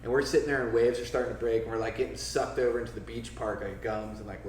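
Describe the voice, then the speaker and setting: Speaking fast in a steady, medium-pitched voice with a darkish tone, a Florida man in his forties guests on a podcast for a casual storytelling interview. He swears freely and raises his voice when acting out quotes. The recording has an echoey room sound, a somewhat distant mic and faint background noise.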